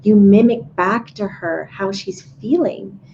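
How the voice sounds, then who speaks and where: A woman co-hosting a livestream, giving calm and earnest spiritual advice in a casual talk. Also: medium pitch, slow, vocal fry. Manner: calm, earnest, relays guidance. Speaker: co-host. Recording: dull lo-fi audio with faint room noise.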